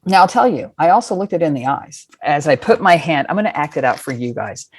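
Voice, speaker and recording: Frank, low-voiced woman guest. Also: big pitch swings, a little fast, husky, dry recording. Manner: frank, rambling, profane. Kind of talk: casual storytelling.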